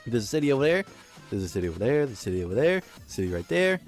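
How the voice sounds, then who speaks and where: Gaming channel host, male, loose self-correcting commentary, lively voice, music bed under him. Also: mid-range voice, rapid-fire. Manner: rambling, self-correcting, jokey. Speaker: gaming YouTuber. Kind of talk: casual gameplay commentary. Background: faint background music.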